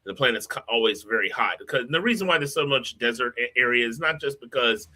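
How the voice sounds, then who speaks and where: Bright-voiced man, rambling chat. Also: mid-range voice, lively intonation, quick pace. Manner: rambling, with many uhs and repeated words. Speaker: co-host sharing his screen. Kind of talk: casual livestream chat.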